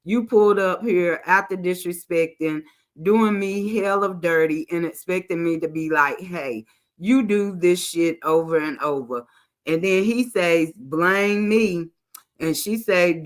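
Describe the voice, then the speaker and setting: A woman hosting a commentary channel, reading text messages aloud and breaking in with her own casual remarks. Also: on the low side. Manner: reads texts aloud with side remarks, African American Vernacular English grammar.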